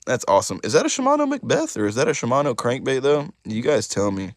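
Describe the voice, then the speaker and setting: A young man hosting a casual live stream, excitable and chatty, talking straight to his chat. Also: mid-range voice, quick pace, few pauses, no room sound, clean studio sound. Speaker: YouTuber host of a live stream.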